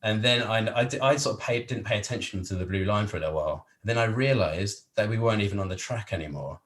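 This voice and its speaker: An English man with a fairly low voice, spinning a rambling travel story as a podcast guest. He talks in a loose, animated way, doubling back on himself and laughing often. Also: fast talker. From England. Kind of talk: casual anecdotal storytelling.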